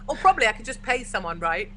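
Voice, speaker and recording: A woman's voice: fairly high pitch, very animated, fast, sharp tone, a little hiss or hum, poor audio. A forthright, opinionated English woman from the UK, chatting as a guest in a casual video-call conversation. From United Kingdom.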